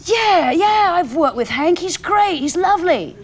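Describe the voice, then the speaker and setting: A woman's voice: very high-pitched, expressive, a little slow, pitched above the performer's own voice. A woman putting on a cheeky man's voice, chatting breezily on a phone message. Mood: breezy.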